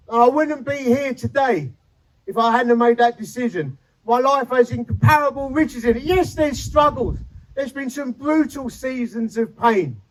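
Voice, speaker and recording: In a chapel, a man with a very high voice preaches a sermon, sharing his conversion testimony with feeling and humor. The recording is rough.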